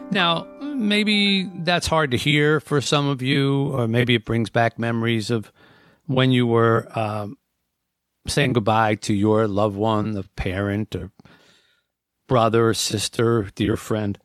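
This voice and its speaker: Man reading aloud then just talking it through, earnest, mid-pitched, faint piano underneath. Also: steady tone, slow pace, a bit bright. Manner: earnest, conversational, repeats himself while thinking aloud. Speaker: speaker reading aloud and reflecting. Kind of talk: reading a memoir passage, then reflective talk.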